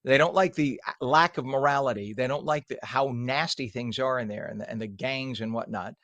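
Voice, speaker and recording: A man's voice: medium pitch, fairly quick, a bit bright, no room sound. A man hosting a morning talk show, reading news items and ranting about them in heated, sarcastic commentary.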